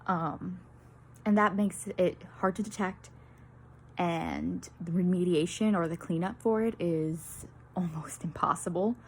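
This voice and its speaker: A woman's voice: on the low side, a little slow, slightly rough. A young woman giving a student presentation, nervous and a little out of breath, with lots of fillers and apologies. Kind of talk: peer-teaching presentation.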